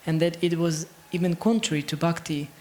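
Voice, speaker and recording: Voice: mid-range voice, brisk, darkish tone. A class participant carefully reading out a practice sentence about feeling hurt.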